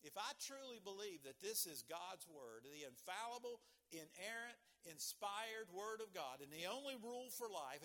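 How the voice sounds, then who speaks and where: A man preaching a sermon as pastor, emphatic and building to loud bursts, with frequent restarts. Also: high-pitched, very animated, moderate pace, few pauses.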